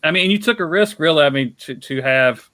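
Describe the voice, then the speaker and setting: A man from Kentucky hosting a casual interview as a fellow filmmaker, chatty and quick to laugh. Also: on the high side, expressive, sharp tone, no echo.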